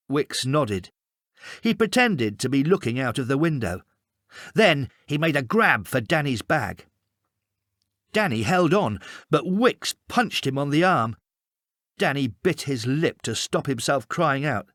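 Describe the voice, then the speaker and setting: A man reading a storybook aloud in a measured, expressive way. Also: medium pitch, dry recording, clean studio sound. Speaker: storybook reader. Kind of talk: storybook narration.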